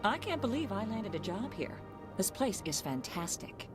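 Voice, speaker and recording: Game NPC: actress as a gushing newcomer, lively swoops, lowish voice, music behind. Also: female voice, moderate pace, close to an everyday voice. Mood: excited. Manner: gushing and enthusiastic. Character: enthusiastic young woman new to her job. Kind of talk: video game dialogue.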